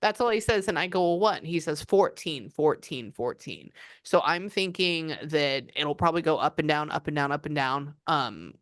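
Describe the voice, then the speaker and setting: A woman's voice: sits low, fairly quick, few pauses, a bit bright, no room sound, studio quality. A woman psychic medium giving a client reading, chatting and often quoting the spirit's messages.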